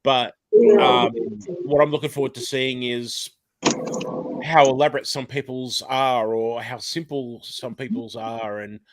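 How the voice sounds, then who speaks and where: A man's voice: medium pitch, fairly even intonation, unhurried, noisy background. A man co-hosting a casual livestream, speaking hesitantly with many fillers and coughing now and then.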